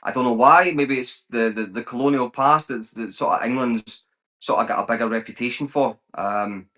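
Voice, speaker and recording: A man's voice: mid-range voice, moderate pace, bright, forceful tone. A young Scottish man in his twenties, a guest on a podcast, talking casually with lots of restarts and slang. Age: 20s. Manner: chatty, many restarts, colloquial slang. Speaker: guest, travel vlogger.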